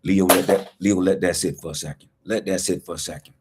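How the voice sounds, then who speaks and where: A man's voice: low voice, steady tone, brisk, heavy background noise. A man speaking as a life coach in a motivational livestream, preaching to viewers, repeating key lines and asking rhetorical questions. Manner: speaks straight to viewers, greeting them by name.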